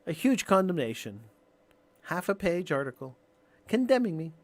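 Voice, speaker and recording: A male radio talk show host delivering an impassioned, emphatic monologue, building to near-shouting on key points. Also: high-pitched, sing-song, normal speed, no echo.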